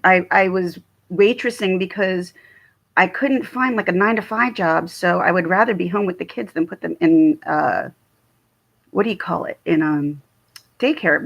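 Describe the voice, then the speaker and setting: Gravelly, husky Philly woman chatting live. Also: on the low side. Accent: Philadelphia. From Philadelphia. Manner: chatty, laughs often, trails off and restarts. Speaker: livestream host. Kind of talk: casual livestream chat answering viewer comments. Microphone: phone or webcam livestream.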